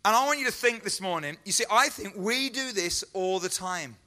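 A man delivers an earnest sermon, pressing his point with repeated lines and rhetorical questions. His voice sits high and sounds bright and forceful. It rings with the long echo of a church hall. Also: animated, normal speed. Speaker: pastor. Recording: echoey hall.

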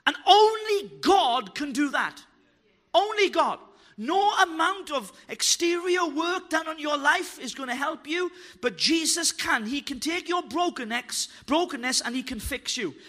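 A man preaching a sermon, fervent and joking, building to shouted declarations. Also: extremely high pitch, expressive, a little slow. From Wales. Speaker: pastor. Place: church hall.

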